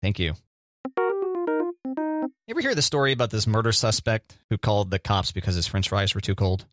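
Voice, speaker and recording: Guy co-host with a lowish voice, chatty and goofy, tells long stories, dry sound. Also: very animated, moderate pace, no echo, faint music behind. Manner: rambling storyteller, jokey, hums sound effects. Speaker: podcast co-host. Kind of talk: casual chat.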